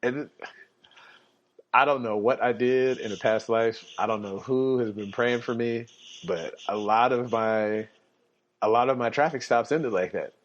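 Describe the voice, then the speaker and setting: A young man telling personal stories casually on a podcast, animated, often laughing and acting out the people in them. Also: mid-range voice, a little slow. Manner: animated, laughs through his stories, acts out quotes. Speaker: podcast guest storyteller. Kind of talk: casual storytelling. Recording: dull lo-fi podcast audio.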